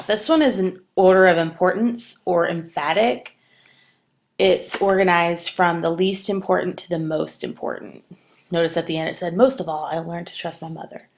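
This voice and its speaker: A woman giving a recorded writing lecture, explaining patiently with some fillers and restarts. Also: fairly low pitch. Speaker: writing instructor.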